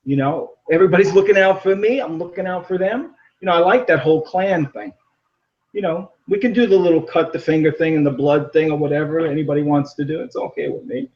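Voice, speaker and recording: Rambling animated man on a muffled line. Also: a little high. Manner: rambling, animated, laughs often. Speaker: caller. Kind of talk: casual call-in chat.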